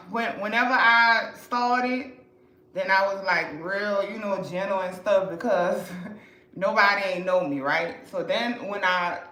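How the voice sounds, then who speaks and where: Her pitch sits in the middle and she takes her time, sounding pushed and bright in a roomy space with poor audio. This New Orleans woman, accent and all, runs a livestream selling to customers, talking casually in a blunt, talkative, heavily profane way.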